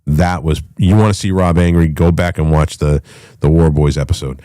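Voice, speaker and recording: A middle-aged man hosting a talk show, ranting with loud, profane, emphatic delivery and a voice that swings up and down. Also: rumbling low, steady tone, moderate pace, clear, resonant tone, no room sound, clean studio sound. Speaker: podcast host.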